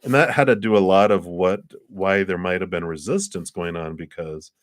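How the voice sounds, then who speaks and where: A man giving a live tarot reading, musing his way through the cards with frequent soft chuckles and trailing pauses. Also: low-pitched, dry recording. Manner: musing, meandering, chuckles often. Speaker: tarot card reader.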